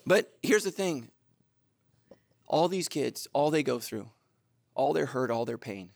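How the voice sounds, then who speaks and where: A middle-aged man preaching a sermon, telling stories animatedly, moving between loud excitement and low, earnest intensity. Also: measured pace, creaky, no room sound. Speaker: pastor.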